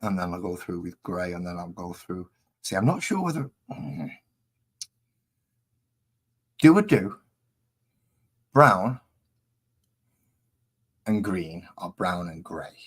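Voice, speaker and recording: A man's voice: sits low, very animated, slow, pauses often, slightly rough. A man casually chatting on a live stream while painting models, rambling and easily distracted.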